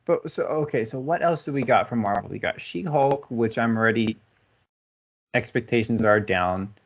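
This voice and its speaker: A man's voice: mid-range voice, normal speed. A man co-hosting a podcast on a call, chatting casually about his week and shows, with sarcastic asides. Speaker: podcast co-host. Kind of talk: casual chat. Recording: voice call between two hosts.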